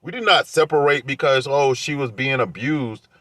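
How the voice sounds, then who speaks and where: A man's voice: mid-range voice, normal speed, pushed and bright, no room sound. A man vlogging in a heated, defensive rant, airing grievances to his viewers. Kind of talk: casual rant to camera.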